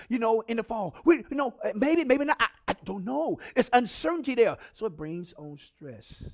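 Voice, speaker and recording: Animated, high-voiced encouraging man. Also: brisk, few pauses. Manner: encouraging, repetitive, animated with sudden loud outbursts. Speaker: leadership speaker. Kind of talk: motivational talk to camera. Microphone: camera.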